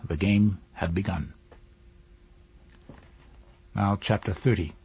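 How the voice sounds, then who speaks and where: A man narrating a classic novel as an audiobook in a measured, even storytelling manner. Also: low voice, breathy edge. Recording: dull dry lo-fi recording.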